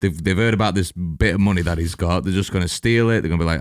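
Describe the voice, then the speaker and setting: A very low, smooth-voiced man talks casually about a film. He tells it in lively detail and swears freely. The sound is dry and close. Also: fast, no echo. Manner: animated storytelling, swears often. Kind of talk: casual chat.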